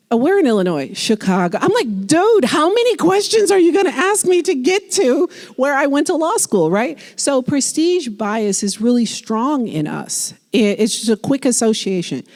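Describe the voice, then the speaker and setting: A woman in her forties giving a public lecture on leadership, lively and conversational, acting out the people she quotes. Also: a little high. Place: lecture hall.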